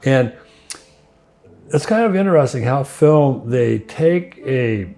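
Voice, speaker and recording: Older man, easygoing and mellow. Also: mid-range voice, lively intonation, slow, vocal fry. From United States. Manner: easygoing, rambling, restarts phrases, chuckles often. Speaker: winery owner interviewee. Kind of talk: relaxed conversational interview.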